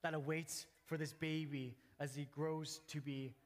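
A man preaching a sermon, telling a story in an earnest way, pausing and restarting as he goes. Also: a little high, flat delivery. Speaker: pastor. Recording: long hall reverb.

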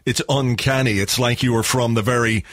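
Irish guy on a podcast, wry and rambly, middling pitch, dry close sound. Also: fairly even intonation, fairly quick, no echo. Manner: wry, chatty, rambling with restarts. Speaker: podcast co-host. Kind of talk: casual chat.

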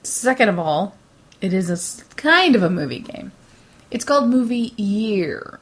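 A woman's voice: medium pitch, big pitch swings, husky. Tired chatty podcast co-host, woman. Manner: chatty, quick to laugh. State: tired, yawning. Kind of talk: casual chat.

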